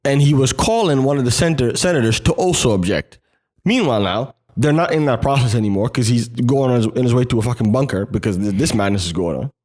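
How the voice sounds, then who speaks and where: A man co-hosting a loose, profane podcast conversation. His pitch swings widely as he acts out other people's lines in mock voices. He talks fast and keeps the banter going. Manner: animated, swearing, acts out quotes in voices. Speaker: podcast co-host. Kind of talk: casual group chat.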